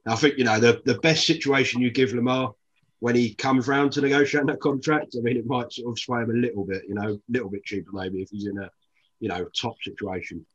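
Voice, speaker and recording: A man's voice: medium pitch, fairly even intonation, a little fast, husky. A man chiming in on a casual sports podcast with brief, laid-back remarks over a lo-fi remote line.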